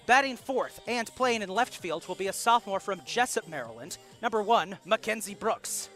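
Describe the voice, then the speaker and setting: A man calling a live college softball broadcast as play-by-play announcer, reading out the lineups in a steady announcer delivery and quickly correcting his own slips. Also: sits high, soft background music.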